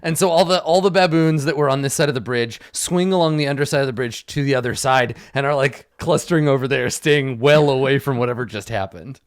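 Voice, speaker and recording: Game master narrating a tabletop fight, relaxed and chatty, mid-pitched. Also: fairly quick, hardly any pauses, no echo, clean studio sound. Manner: casual, laughing often.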